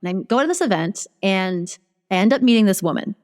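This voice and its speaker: A business strategist guesting on a casual interview tells her story animatedly, acting out her own inner dialogue. Her medium-pitched voice moves fairly quickly, and the sound suggests a big room.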